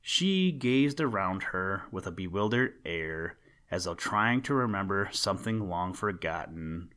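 A man reading an old storybook tale aloud in a calm, measured way. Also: low voice, clear, resonant tone.

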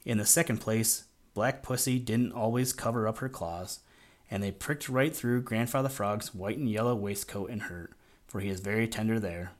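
A man narrating a children's audiobook in a measured, gently expressive storytelling manner. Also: lowish voice.

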